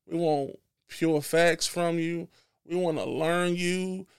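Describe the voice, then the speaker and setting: A man's voice: a little high, steady tone, slow, clear, resonant tone. A man talking bluntly and profanely in casual podcast chat, emphatic and preachy, restarting his phrases often. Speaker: podcast guest.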